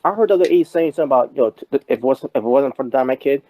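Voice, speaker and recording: A man's voice: mid-range voice, very fast, warm tone, low-quality recording. A man co-hosting a podcast, rambling in casual wrestling talk with many restarts and fillers. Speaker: podcast co-host.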